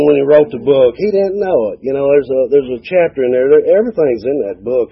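A gravelly, husky-voiced man in his forties with a drawl, telling his recovery story in a folksy, joking way and acting out every bit of dialogue. The sound is dull and lo-fi, like an old tape of a meeting. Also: medium pitch. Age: 40s. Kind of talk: personal testimony with humor. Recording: dull lo-fi recording.

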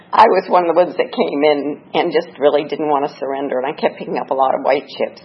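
A woman's voice: low-pitched, fast talker, hardly any pauses, husky, lo-fi sound. A woman speaking at a memorial gathering, telling candid, earthy stories and sometimes tearful. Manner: candid, laughing, earthy anecdotes. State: tearful at times. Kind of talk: personal eulogy storytelling.

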